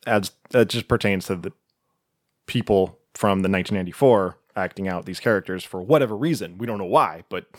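A man's voice: deep voice, no echo. Man, podcast co-host, laid-back plot recap, dry recording. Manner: laid-back, retells scenes with quick put-on quotes. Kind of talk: casual movie review chat.

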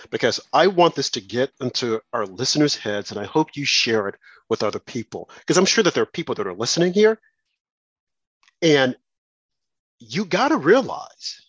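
Fervent husky-voiced male talk radio host. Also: medium pitch, a bit bright, no echo, highs cut off. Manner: fervent, emphatic, preacherly. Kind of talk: impassioned talk radio monologue.

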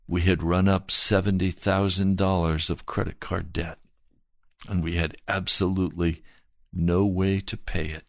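Man preaching, deep gravelly voice, slow earnest delivery, dry close sound. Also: level tone, dry recording. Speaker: pastor. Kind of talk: sermon.

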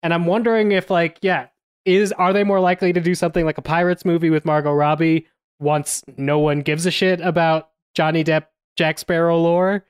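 A man's voice: on the high side, little pitch movement, moderate pace, clean tone. A man co-hosting a casual podcast, thinking aloud with hesitations and the odd swear word. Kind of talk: casual chat.

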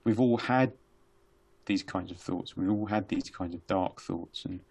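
A man's voice: sits low, measured pace, darkish tone, husky. A man speaking as a podcast guest, hesitant, with many restarts and fillers. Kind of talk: conversational podcast interview.

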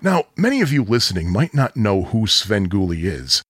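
Male podcast host from Chicago, husky, lively pitch, casual storyteller. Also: normal speed, no room sound, studio quality. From Chicago area. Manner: chatty, self-deprecating, nostalgic.

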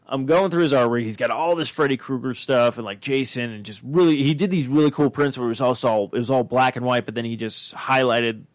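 Podcast host, male, casual rambling storyteller, mid pitch, dry close sound. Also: brisk, hardly any pauses, dry recording. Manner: rambling, many fillers and restarts; acts out quoted dialogue.

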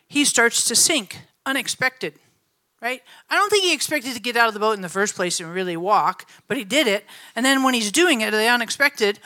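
Bright, animated middle-aged woman preaching. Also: a little high. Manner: animated storytelling with frequent laughter. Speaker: pastor. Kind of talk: sermon.

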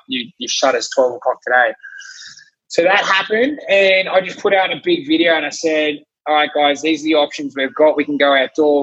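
A man with an Australian accent, a fitness trainer telling his story in a casual chat, animated and blunt, swearing freely. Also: fairly high pitch, breathy edge, highs cut off. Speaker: fitness trainer and gym owner.

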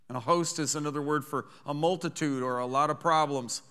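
A male pastor preaching with a high, bright, ringing voice that carries through a long hall reverb. He moves between easy conversational asides and fervent, emphatic declarations, calling the congregation to repeat after him. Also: fairly quick, hardly any pauses, clean tone. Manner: fervent, rising to loud emphatic peaks when reading scripture; asks congregation to repeat lines. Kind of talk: sermon. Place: church sanctuary.

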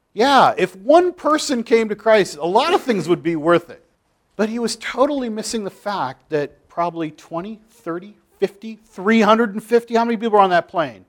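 Impassioned male preacher, fairly high voice. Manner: impassioned, swings from loud emphasis to quiet asides. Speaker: pastor. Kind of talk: sermon.

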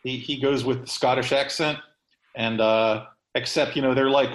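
A man's voice: medium pitch, fairly even intonation, moderate pace, a bit bright, roomy sound, rough recording. A man hosting a podcast in casual chat, rambling with many fillers and restarts. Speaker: podcast host.

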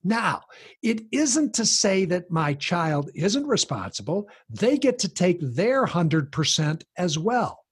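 A man explaining a parenting approach in conversation, animated and acting out the voices of people he quotes. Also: sits high, slow pace, husky.

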